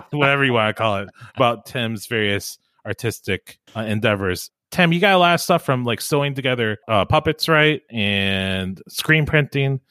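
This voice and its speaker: A man's voice: mid-range voice, lively intonation, normal speed, sharp tone, clean tone, no room sound, clean studio sound. A man hosting a casual podcast, introducing guests with a playful, jokey manner. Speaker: podcast host. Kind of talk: casual chat.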